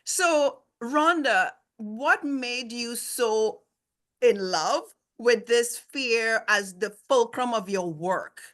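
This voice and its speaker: A woman hosts an online summit interview. Her voice sits a bit high, and she takes her time with each drawn-out question. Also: fairly bright tone.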